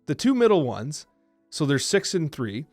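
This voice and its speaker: A man in his thirties co-hosting a podcast, telling stories in a quick, animated, talkative way. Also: a little high, no room sound, faint music behind. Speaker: podcast co-host. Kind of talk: casual chat.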